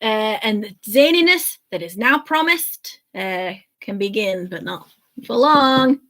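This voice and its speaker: A woman's voice: medium pitch, expressive, a little slow, fairly bright tone. A woman co-hosting a live watch-along show, giggly and sarcastic while reading out comments. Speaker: co-host.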